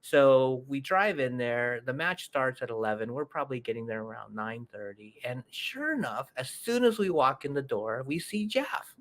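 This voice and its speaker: A man's voice: mid-range voice, moderate pace, hardly any pauses. A middle-aged man hosting a podcast, telling a story casually and acting out the voices of the people he quotes. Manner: animated, acts out quoted voices. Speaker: podcast host.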